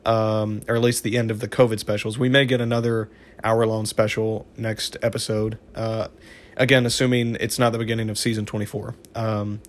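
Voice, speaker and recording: A man's voice: fairly low pitch, flat delivery. A man giving a casual, rambling spoken recap of a cartoon episode, often stopping and restarting his sentences. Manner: rambling, halting, with many restarts. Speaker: TV episode reviewer.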